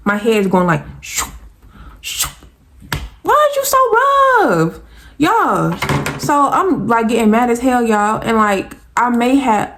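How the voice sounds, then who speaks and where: A young woman from the American South with an Atlanta accent, telling a casual storytime vlog in an animated, exasperated way and talking straight to her viewers. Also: mid-range voice, gravelly.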